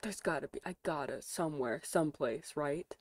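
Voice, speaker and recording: A young woman from the United States chatting casually on a stream, swearing freely and reacting out loud as she browses. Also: deep voice, moderate pace, dry recording, clean studio sound.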